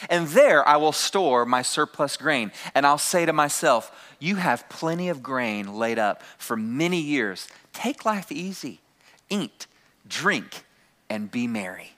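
A man's voice: on the high side, expressive, takes it slowly, pushed and bright. A man preaching a sermon to his congregation, calling out key phrases and having the room repeat them. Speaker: pastor.

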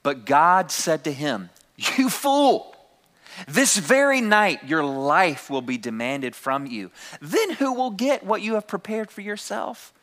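Guy preaching, slow deliberate delivery, pitch jumps all over, calls stuff out to the crowd. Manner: animated preaching, shouts key phrases to congregation. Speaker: pastor. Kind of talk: sermon.

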